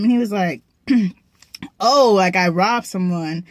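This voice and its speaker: Young woman vlogger, mid-pitch, dry sound; slangy, swears a lot, keeps clearing her throat. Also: moderate pace, no room sound. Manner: profane, slangy storytelling with frequent throat clearing. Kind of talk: casual storytime. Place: parked car.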